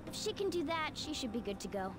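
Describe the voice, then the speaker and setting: A woman voicing a small, fussy and protective talking cat in a video game, heard as quiet game audio under music. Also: high-pitched, very animated, fast talker, background noise.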